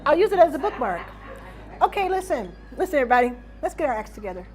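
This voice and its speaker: High-voiced woman hyping up a crowd. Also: very animated, quick pace, very noisy. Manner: playful, emphatic, addresses the room loudly. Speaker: speaker on stage at a live event. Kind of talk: energetic live talk to an audience. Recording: live hall with crowd and music behind.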